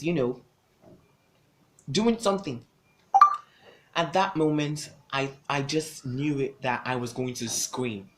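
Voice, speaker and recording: Young vlogger doing a storytime, dramatic and repetitive, casual phrasing, bit of faint room noise. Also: mid-range voice. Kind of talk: storytime narration to camera.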